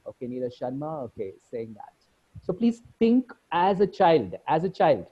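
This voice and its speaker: A man's voice: a little high, sing-song, moderate pace, dark tone, breathy edge. A man with an Indian English accent running an online workshop, reading chat comments aloud one by one over a video call. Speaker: workshop presenter. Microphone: computer mic on a video call. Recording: dull lo-fi video call audio.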